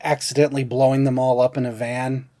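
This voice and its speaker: A man's voice: mid-range voice, little pitch movement, fast talker, background noise. A man co-hosting a podcast in casual chat, laughing a lot, swearing freely and acting out quotes in put-on voices. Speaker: podcast co-host.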